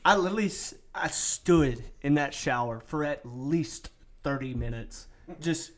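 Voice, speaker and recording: A man's voice: fairly high pitch, measured pace. A young man in casual podcast chat, slangy and loose, with faint noise behind him. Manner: slangy, says dude and bro a lot. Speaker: podcast co-host. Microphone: studio mic at a table.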